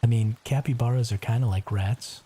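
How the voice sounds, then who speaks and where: A man's voice: mid-range voice, fairly even intonation, brisk, dark tone, slight background noise. A man chatting casually as he streams a survival game, talking to viewers and reading their chat aloud. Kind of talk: casual gameplay commentary.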